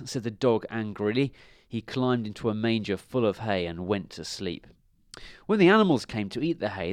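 A man reading a children's fable aloud as the narrator, in an expressive storytelling manner. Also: lowish voice, moderate pace, no echo, studio quality.

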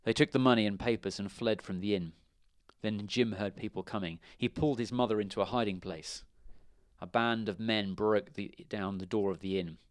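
A man reading a children's storybook aloud in a measured, expressive way. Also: fairly low pitch, no echo, clean studio sound.

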